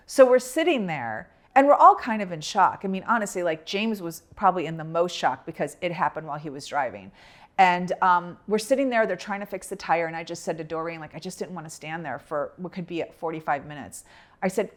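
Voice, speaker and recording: A woman with a fairly low, brisk voice co-hosts a casual podcast. She animatedly retells a family travel story, packing it with quoted back-and-forth dialogue.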